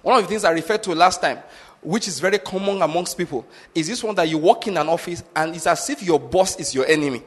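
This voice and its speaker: Emphatic pastor in a reverberant hall. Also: male voice, on the high side, fast, fairly bright tone. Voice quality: emphatic, drives points home with repeated check-in questions. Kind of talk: sermon.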